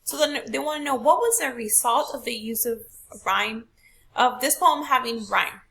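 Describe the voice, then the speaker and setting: A woman's voice: on the high side, normal speed, creaky, fairly bright tone. A woman teacher walking a class through a poetry question, patient and step by step, asking rhetorical questions. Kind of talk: recorded classroom lesson.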